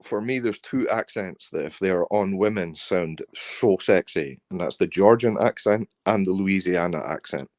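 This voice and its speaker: A man's voice: low-pitched, moderate pace, hardly any pauses, a little mellow, dry recording. A man chatting casually with friends, giving blunt opinions. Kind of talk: casual group chat.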